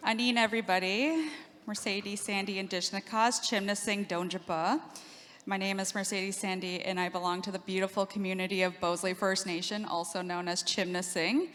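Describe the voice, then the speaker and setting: A woman's voice: mid-range voice, fairly even intonation, moderate pace, fairly bright tone. A woman from southern Ontario, Canada, introducing herself and her community at a public event, speaking plainly with fillers. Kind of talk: onstage introduction. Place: large event hall. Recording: long hall reverb.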